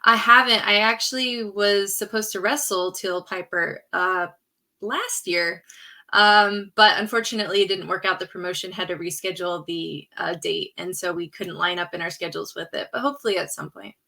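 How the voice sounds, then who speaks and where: A woman's voice: fairly low pitch, normal speed, vocal fry, pushed and bright. A woman wrestler being interviewed on a podcast, giving plain, matter-of-fact answers. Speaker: professional wrestler guest.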